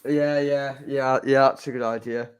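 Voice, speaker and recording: A man's voice: mid-range voice, steady tone, moderate pace, smooth. A man with a Geordie accent, co-hosting a casual live stream chat and teasing his friends. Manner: playful, teasing. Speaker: co-host.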